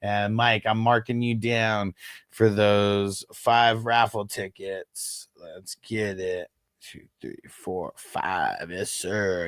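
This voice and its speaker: A man's voice: on the low side, fairly even intonation, slow, a bit bright, no room sound, studio quality. A man in his thirties hosting a fantasy football live stream, chatting casually, laughing and swearing. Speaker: fantasy football livestream host.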